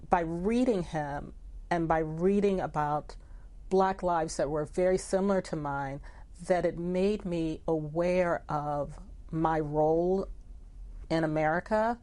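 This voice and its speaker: Woman, low voice, editor as interview guest; reflective, conversational. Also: a little mellow. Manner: reflective, full of "you know" asides.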